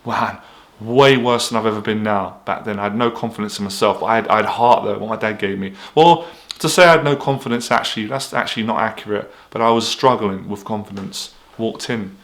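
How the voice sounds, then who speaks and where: A man's voice: lowish voice, brisk, fairly bright tone. Blunt man giving a motivational talk. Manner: blunt, candid, swears freely. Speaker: anxiety coach. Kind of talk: motivational vlog monologue.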